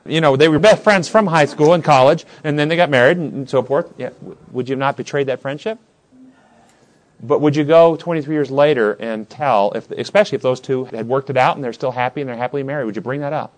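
A man's voice: medium pitch, fast. A man teaching a Bible study class, asking many questions and acting out the scenes he describes. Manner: questioning, animated, acts out scenes.

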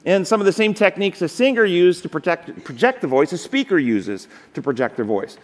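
Male seminar instructor, fairly high voice, emphatic, talks to a large reverberant room. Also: sing-song, a little fast. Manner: emphatic, asks the audience rhetorical questions. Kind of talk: live seminar lecture on public speaking.

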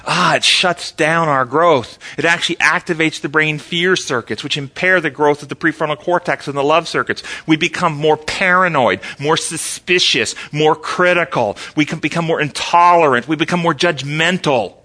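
A man's voice: on the high side, normal speed, few pauses. A man teaching an interactive Bible study, asking the class questions and answering them himself. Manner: animated, asks the class questions.

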